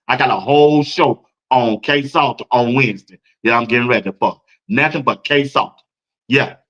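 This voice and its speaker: A man's voice: mid-range voice, fairly bright tone, muffled recording. A man hosting a sports talk show, talking in a casual, hyped-up way and laughing between points.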